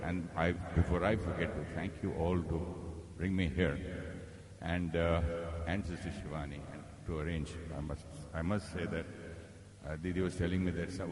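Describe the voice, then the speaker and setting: A man's voice: low voice, low-quality recording. A middle-aged man with an Indian English accent tells a personal story to a live audience, acting out his own anger and slipping into Hindi phrases. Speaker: guest speaker. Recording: loud audience noise.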